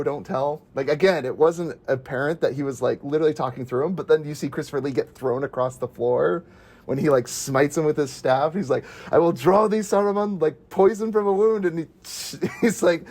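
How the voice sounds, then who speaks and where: A man with a fairly high voice talks in a loose, casual chat about a film. He gushes with enthusiasm and leans hard on "like" between thoughts. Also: darkish tone. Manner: enthusiastic, gushing, heavy use of "like". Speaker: podcast panelist. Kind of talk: casual movie discussion.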